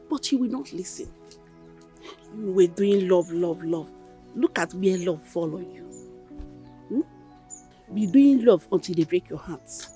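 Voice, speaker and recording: An actress playing a bitter mother who lectures her daughter, with a Nigerian accent and a sharp, sarcastic way of talking. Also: mid-range voice, natural voice. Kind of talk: Nollywood film acting.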